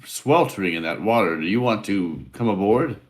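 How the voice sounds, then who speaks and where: Low-voiced man playing a game. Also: expressive, normal speed. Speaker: player. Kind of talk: tabletop role-play.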